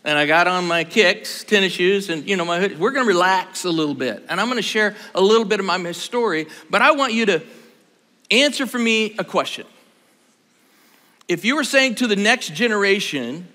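A man's voice: high-pitched, animated, normal speed, pushed and bright. A man in his sixties preaching a sermon, talking casually and joking with his audience. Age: 60s. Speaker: pastor. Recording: long hall reverb.

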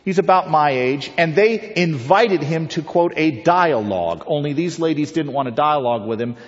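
A pro-life speaker gives a persuasive public talk, telling stories and posing rhetorical questions to the audience. His voice is on the high side and expressive, at a normal speed. The hall recording is reverberant, dull, and lo-fi.

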